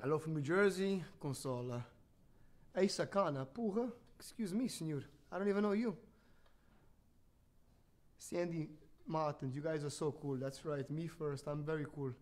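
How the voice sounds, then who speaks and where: Jokey high-voiced storytelling man. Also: moderate pace, long pauses, darkish tone. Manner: jokey, chatty, teasing asides. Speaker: host reading a bedtime story. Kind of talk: playful livestream storytelling. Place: home livestream.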